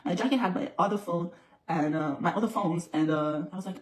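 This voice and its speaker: A woman's voice: medium pitch, animated, fast, darkish tone, far from the mic, slight background noise. Woman recounting a story in an echoey room. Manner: repetitive, emphatic retelling. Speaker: vlogger. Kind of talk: personal storytelling to camera. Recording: roomy echo.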